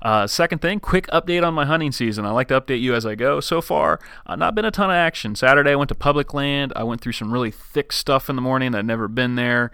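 A man's voice: mid-range voice, fast, few pauses, sharp tone, smooth, no room sound, studio quality. A man hosting a hunting podcast, chatting casually with fillers and restarts. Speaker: podcast host.

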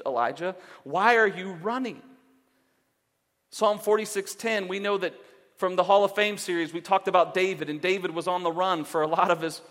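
Man, pastor, sermon, fairly high voice, earnest, long hall reverb. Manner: earnest, swings from emphatic to hushed.

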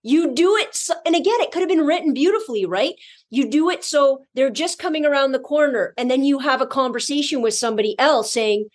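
A woman with a fairly high voice talks through a movie in casual chat. She is blunt and sarcastic, and her delivery is animated. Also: brisk. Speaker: podcast co-host.

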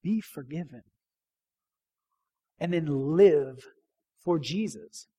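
A middle-aged man preaching a sermon in a church, emphatic, repeating key phrases and dropping to a near hush for stress. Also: a little high, lively intonation, takes it slowly, breathy edge. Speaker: pastor.

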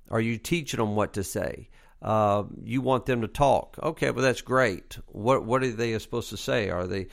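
A man's voice: mid-range voice, gravelly. A middle-aged man, a basketball coach and podcast host, talking through coaching tips in a conversational way, repeating key points with emphasis and plenty of fillers. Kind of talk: casual coaching tips monologue.

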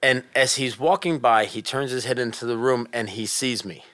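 A middle-aged man tells a story in an earnest, animated way, leaning in and going quiet at the tense parts. His pitch sits in a middle range for a man. The sound is dry and close, with no room echo. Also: moderate pace. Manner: animated, earnest, drops soft for tense moments. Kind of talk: casual storytelling chat.

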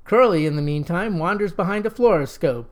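A narrator reading a slapstick comic story aloud in an even storytelling delivery. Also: medium pitch, brisk.

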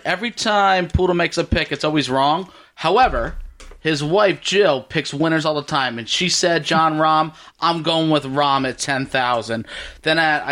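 A man's voice: a little high, a bit bright. A man co-hosting a golf podcast, listing his picks and wrapping up the episode in an upbeat way. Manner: upbeat, wraps up the show. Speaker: podcast co-host. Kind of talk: casual golf betting chat.

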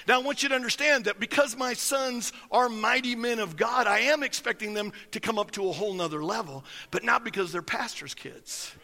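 A man's voice: sits high, bright, forceful tone, in a large hall. A man preaching a sermon as pastor, folksy and emphatic, telling stories to his congregation.

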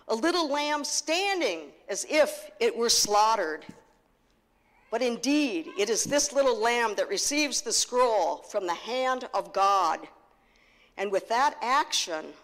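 Woman pastor, unhurried sermon delivery, emphatic repetition, echoing sanctuary sound. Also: on the high side. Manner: slow, earnest preaching with emphatic repetition. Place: church sanctuary. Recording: long reverb of a church hall.

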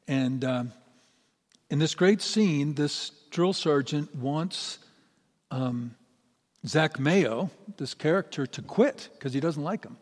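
A man's voice: on the high side, takes it slowly. Middle-aged male pastor preaching in a reverberant hall. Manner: earnest, building to emphatic peaks. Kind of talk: sermon. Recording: long reverb of a large hall.

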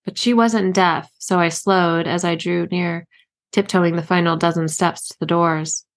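A woman reading her own novel aloud in a steady, measured first-person narration. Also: lowish voice. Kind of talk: audiobook narration.

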